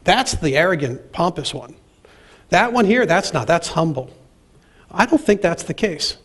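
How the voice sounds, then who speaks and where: A man's voice: fairly high pitch, sing-song, unhurried, fairly bright tone, husky. A man preaching a sermon and reading scripture aloud, with dramatic pacing and emphatic, acted-out quotes. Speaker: pastor.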